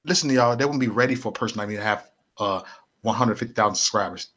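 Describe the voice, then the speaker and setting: Man, livestream host, bright forceful voice, repetitive, rallying, preachy. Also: on the low side, racing. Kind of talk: casual livestream rant.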